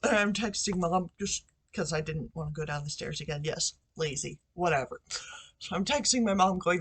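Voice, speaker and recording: Her lowish voice carries a breathy edge and a moderate pace as she tells a story casually in her bedroom, recording a vlog on a computer microphone. She chats and rambles, with plenty of fillers and side comments.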